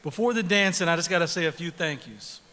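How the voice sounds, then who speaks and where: A man's voice: fairly high pitch, expressive, fast, bright, forceful tone. Earnest man thanking supporters in a hall. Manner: plain, earnest list of thanks. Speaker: leader of the organization. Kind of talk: thank-you remarks at a gala. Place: large event hall. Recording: long hall reverb over crowd murmur.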